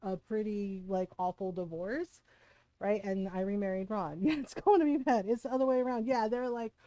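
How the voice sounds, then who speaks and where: A woman's voice: medium pitch, moderate pace, warm tone, dry recording, rough recording. A woman in her forties, streaming a game and telling a story in a blunt, casual way, swearing freely and laughing often.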